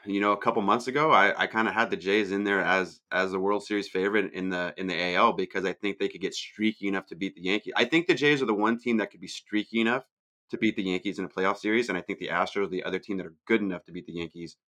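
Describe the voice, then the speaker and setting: A man's voice: low voice, steady tone, fast talker, bright, forceful tone. A man co-hosting a sports podcast, giving blunt, dismissive analysis in casual chat. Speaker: podcast co-host.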